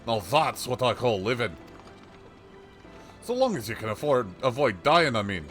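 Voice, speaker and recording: A man's voice: medium pitch, very animated, moderate pace, a bit bright, soft background music. A man doing a chatty old peddler. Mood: folksy. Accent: put-on rustic accent. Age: older. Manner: rustic folksy dialect, rambling storyteller. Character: chatty old male peddler, folksy and shrewd. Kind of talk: reading game dialogue aloud on a livestream.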